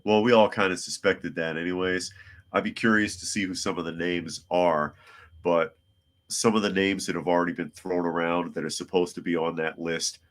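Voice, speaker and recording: A hoarse man hosting a casual news talk podcast, chatty with wry asides. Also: sits low, steady tone, moderate pace, a bit bright. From United States. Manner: chatty, wry asides, talks to his cat. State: hoarse from a cold. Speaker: podcast host.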